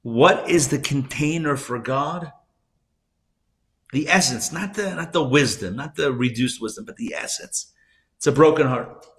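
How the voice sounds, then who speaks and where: A man, a rabbi, teaching a live class, telling stories conversationally with asides and self-corrections, his voice swinging between loud emphasis and soft hushed moments. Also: medium pitch, a little slow. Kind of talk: live class lecture with storytelling. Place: class room at a community center.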